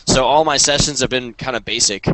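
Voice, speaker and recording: A man's voice: mid-range voice, fairly quick, background noise. A man hosting a casual skateboarding podcast over a video call, rambling and talking over the others. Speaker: podcast host.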